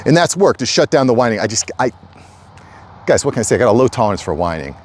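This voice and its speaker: A man's voice: mid-range voice, sing-song, quick pace, a little mellow, a little hiss or hum. A middle-aged man hosting his channel, talking straight to viewers in an emphatic, repetitive way and calling them guys. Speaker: channel host. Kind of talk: casual direct-to-camera talk.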